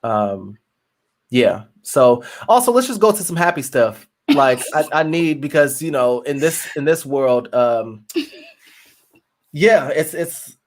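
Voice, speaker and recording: A man's voice: fairly high pitch, animated, slow pace. A man co-hosting a podcast in casual chat, effusive and full of fillers and restarts. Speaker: podcast co-host.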